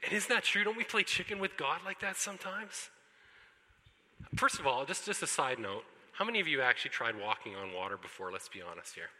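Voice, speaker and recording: A man preaching a sermon to a congregation, animated and joking with the listeners. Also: mid-range voice, fairly quick. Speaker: pastor. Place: church hall with congregation. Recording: long hall reverb.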